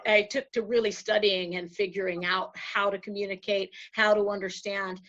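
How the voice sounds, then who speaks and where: A woman's voice: medium pitch, flat delivery, a bit bright. Woman guest on a dull lo-fi line. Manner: halting, with many restarts and fillers. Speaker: guest, spiritual channel. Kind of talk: conversational interview storytelling.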